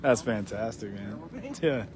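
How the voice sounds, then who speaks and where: A man's voice: on the low side, unhurried, a little mellow. A man reporting outdoors at a horse stable, cracking puns and teasing the people he interviews in a casual street interview. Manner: playful, punny, self-mocking.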